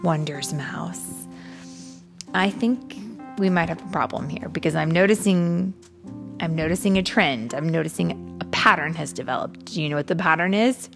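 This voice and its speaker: A woman reading a picture book aloud to children, slowly, making animal sound effects and adding chatty asides to her listeners. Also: sits low, vocal fry, music in the background. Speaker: storytime reader.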